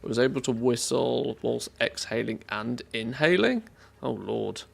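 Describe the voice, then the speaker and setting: A man's voice: mid-range voice, lively intonation, measured pace, vocal fry. A man streaming a game, chatting casually and thinking aloud as he plays. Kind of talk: casual live-stream commentary.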